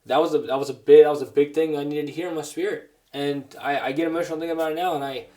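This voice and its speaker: A man's voice: on the high side, fairly even intonation, dark tone. Earnest man preaching a testimony sermon. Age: adult. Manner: earnest, halting with many restarts.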